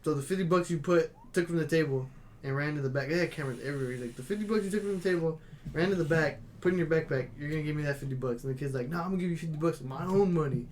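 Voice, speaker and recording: A young man with a slightly higher voice tells profane, animated restaurant stories on a casual podcast. He acts out the people in his stories as he goes, over a faint background hum. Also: very fast. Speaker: podcast co-host. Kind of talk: casual chat, storytelling.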